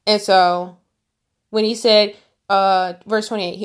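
A woman's voice: mid-range voice, fairly even intonation, a little slow. A woman leading an informal Bible study, reading verses aloud and then talking them over. Her talk is loose and full of fillers and restarts. She presses hard on her strongest points. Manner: conversational, many fillers and restarts, gets emphatic. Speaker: Bible teacher.

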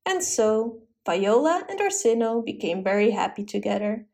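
A woman telling a classic story as a steady, clear storybook narration. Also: on the high side, moderate pace.

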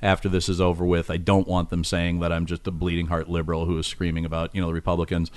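A man's voice: low-pitched, monotone, fast, darkish tone, no room sound. A man, a comedy writer guesting on a podcast, telling a rambling story with lots of fillers and restarts. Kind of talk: casual anecdote on a podcast.

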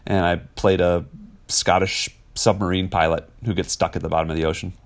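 Low-voiced man telling stories. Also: little pitch movement, fairly quick. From Wisconsin, USA. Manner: rambling, many fillers, laughs often. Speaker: actor guest. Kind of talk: casual interview storytelling.

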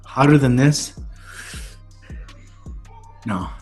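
Excitable man stammering on a video call. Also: mid-range voice, drawn-out words, soft background music. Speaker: guest. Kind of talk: casual chat on a video call.

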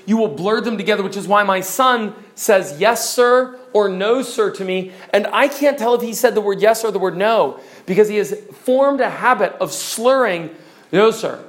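A middle-aged man lecturing on preaching delivery, demonstrating examples and varying his loudness for effect. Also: high-pitched. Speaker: preaching instructor.

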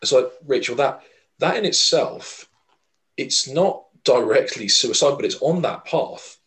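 A man's voice: medium pitch, lively intonation, a little slow, a bit bright, poor audio. A man co-hosting a podcast, talking earnestly in a rambling way with many fillers and restarts. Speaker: podcast co-host. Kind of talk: casual podcast chat.

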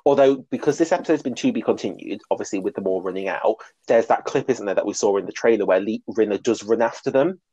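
A man's voice: on the low side, quick pace, hardly any pauses, dark tone, husky, dull audio. A man co-hosting a casual podcast chat, gossiping about a reality show and acting out quotes. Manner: chatty, gossipy, acts out quotes. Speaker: podcast co-host.

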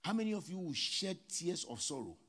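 Animated, husky-voiced preaching man. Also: high-pitched, brisk. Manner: preaching with sudden loud rises and soft drops. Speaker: pastor. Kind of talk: sermon.

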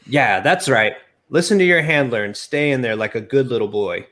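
A man's voice: mid-range voice, animated, moderate pace, a bit bright, natural voice. A brash male wrestler in a wrestling game mocks his opponents with heavy emphasis, as a man voices him. He sounds like an everyday male speaking voice. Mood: taunting. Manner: taunting, emphatic.

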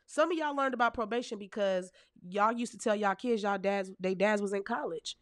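A woman in her thirties telling comic stories to her audience in a casual, animated, heavily profane way, laughing often as a podcast host. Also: medium pitch, brisk, no echo. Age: 30s. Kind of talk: casual comedic storytelling.

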